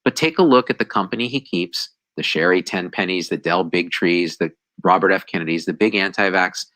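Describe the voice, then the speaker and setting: A man's voice: low-pitched, brisk, dry recording, low-quality recording. A man hosting a science show, giving heated, emphatic commentary with sarcastic asides. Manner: emphatic, animated, sarcastic ranting.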